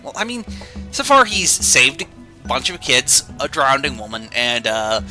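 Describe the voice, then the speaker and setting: Dude reading old comics on stream, snarky and sweary, super bright lively voice, faint music behind. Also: male voice, mid-range voice, measured pace. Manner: sarcastic, joking, profane asides.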